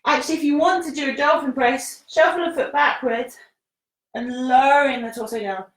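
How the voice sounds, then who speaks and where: A woman with a high-sitting voice, speaking at a normal pace, leads a live-streamed yoga class and cues breaths and poses. She's encouraging and casual, laughs often, and uses relaxed British phrasing while exercising, a little out of breath. The room is echoey and her voice comes from some distance from the mic.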